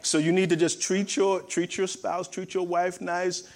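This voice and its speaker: A man's voice: sits high, flat delivery, measured pace. A male pastor preaching a sermon to a congregation, often repeating phrases and asking them questions.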